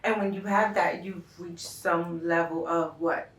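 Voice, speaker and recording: A woman's voice: fairly low pitch, fairly even intonation, measured pace. A woman co-hosting a casual podcast chat, affirming and reflective. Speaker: co-host. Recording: echoey room, distant mic.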